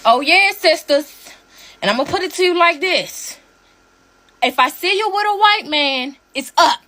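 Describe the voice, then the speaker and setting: High, bright-voiced woman ranting. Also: animated, moderate pace. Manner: profane, heated and repetitive. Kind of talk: heated rant to camera.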